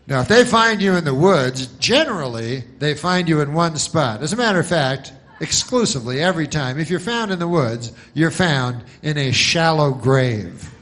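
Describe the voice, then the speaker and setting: A man doing a stand-up comedy monologue, deadpan and rambling through long setups. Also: a little high, moderate pace, few pauses.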